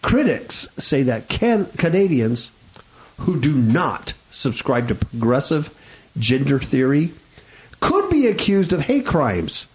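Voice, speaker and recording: A man's voice: on the high side, very animated, slow pace, low-quality recording. A man hosting a radio talk show, chatting casually in a sarcastic, mocking way. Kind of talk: casual chat.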